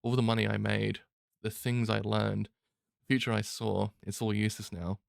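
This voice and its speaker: A man's voice: fairly low pitch, level tone, moderate pace, gravelly, no room sound, studio quality. A man reacting emotionally to a manga he reads, swearing often and laughing between lines.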